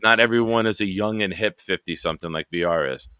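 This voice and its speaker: A man hosting a late-night live stream hangout, telling stories in a profane, animated way. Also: sits low, fast, clear, resonant tone, dry recording, studio quality. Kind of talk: casual late-night storytelling.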